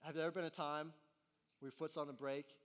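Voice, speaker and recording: Animated, high-voiced young male pastor. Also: fast talker. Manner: animated, acts out voices and gets loud in exasperation. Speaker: college pastor. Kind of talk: sermon.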